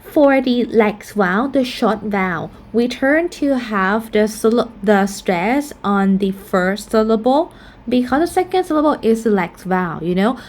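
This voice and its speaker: Slow, careful woman teaching phonetics. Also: fairly high pitch, lively intonation, darkish tone. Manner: explanatory, repeats example words slowly. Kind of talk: casual recorded lesson.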